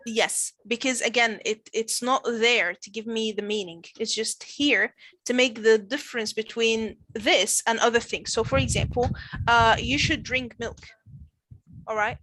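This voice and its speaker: Bright-voiced woman teaching online. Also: on the high side, fairly even intonation, a little slow, no echo. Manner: encouraging, many fillers like "all right". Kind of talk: online class, leading a grammar demo. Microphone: video call.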